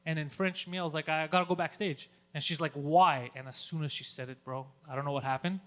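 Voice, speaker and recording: Excitable high-voiced man telling a story. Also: fast. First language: Greek. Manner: profane, excitable storyteller who acts out his own yelling. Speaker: podcast co-host. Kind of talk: storytelling podcast chat.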